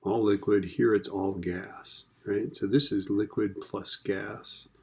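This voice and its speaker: A man's voice: on the low side, little pitch movement, slow, creaky. A man teaching a recorded lesson in a chatty, casual way, often checking in with "right?". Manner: chatty, keeps asking "right?".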